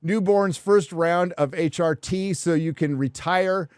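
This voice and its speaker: Male host, slightly high voice, swears freely, trolls his guests. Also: a little slow, smooth, dry recording, clean studio sound. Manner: crude, profane and playfully trolling. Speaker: livestream show host reading viewer donations. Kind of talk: casual panel chat.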